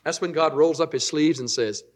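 A middle-aged man preaching a conversational, animated sermon as pastor. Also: fairly high pitch, moderate pace, slightly rough.

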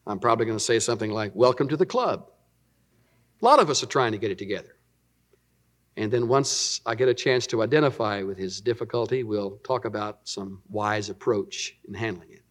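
A middle-aged man preaching a conversational, animated sermon as pastor. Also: on the low side, brisk.

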